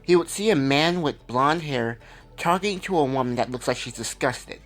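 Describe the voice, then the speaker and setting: A man telling an improvised fan story in an easygoing, conversational way. He rambles and corrects himself mid-sentence, with soft music playing behind his voice. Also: medium pitch, expressive, normal speed.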